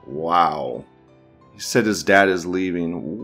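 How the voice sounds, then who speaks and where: A man's voice: low-pitched, lively intonation, normal speed, fairly bright tone, faint music behind. A man hosting a podcast, giving crude, profane, offhand commentary and often laughing as he reacts to videos. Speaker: podcast host.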